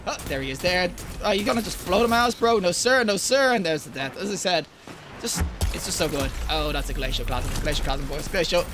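A young man giving live gameplay commentary, excitable and slangy, talking straight to his viewers and bursting into yells and laughter. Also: sits high, a little fast, over music. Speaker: gaming video creator.

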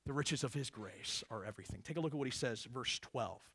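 A middle-aged man preaching a sermon as pastor, swinging between hushed asides and raised, emphatic passages. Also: mid-range voice, animated, a little fast, husky, dry recording, clean studio sound.

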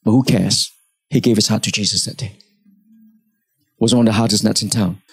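A man preaching a sermon in church, telling a story with animated delivery and acting out the people in it. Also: on the low side, moderate pace, creaky, slightly rough, dry recording. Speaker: pastor.

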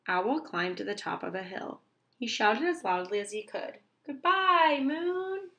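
A woman reading a children's storybook aloud, slow, clear and expressive for young listeners. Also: mid-range voice. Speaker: reader.

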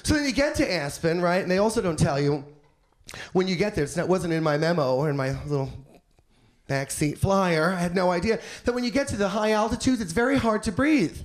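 A stand-up comedian with a high-pitched voice and lively intonation speaks fairly quickly through a brash, theatrical, profane set at a comedy club, slipping into campy put-on voices. Audience laughter and noise echo through the club recording.

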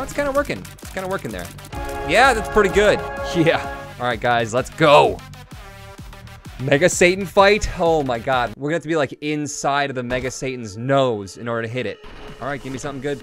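A young man commenting on his own game run, excitable, swinging from quick mumbles to loud whoops and swearing freely. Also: medium pitch. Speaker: gaming YouTuber. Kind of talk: Let's Play commentary. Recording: game music playing behind.

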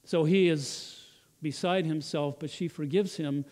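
A male pastor retells a children's story as part of a sermon. His voice sits a little high for a man, and he often repeats and restarts words as he goes. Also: fairly even intonation, unhurried, a little mellow.

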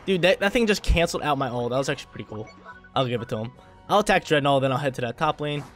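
A man's voice: medium pitch, lively intonation, rapid-fire, fairly bright tone, soft background music. A man giving live gameplay commentary, hyped and trash-talking, often repeating his phrases.

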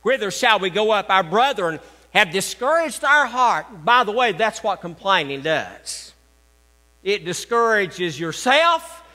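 High bright-voiced older preacher. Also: male voice, big-room sound. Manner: folksy, joking preaching with repeated phrases. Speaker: pastor. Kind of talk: sermon. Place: church sanctuary.

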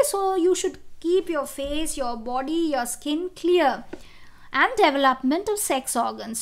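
A woman biology teacher giving a school lesson, explaining step by step with frequent fillers and restarts and asking questions of the class. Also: high voice. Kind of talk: classroom lecture.

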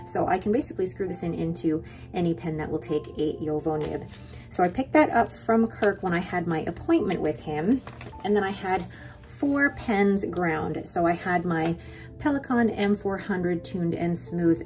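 Chatty excited woman vlogger. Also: lowish voice. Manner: chatty and excited, rambling with quick asides. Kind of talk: casual haul vlog.

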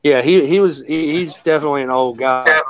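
A man's voice: a little high, a little fast, no echo, dull audio. A man chatting casually as a host, rambling and swearing as he tells stories. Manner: rambling, profane, animated storytelling. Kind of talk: casual chat.

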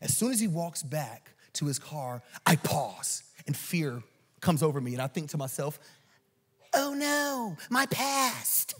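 Preacher guy, husky, high voice that jumps all over, cracking jokes and doing voices. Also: unhurried. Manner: animated and joking, acts out quoted voices. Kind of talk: storytelling sermon. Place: church auditorium.

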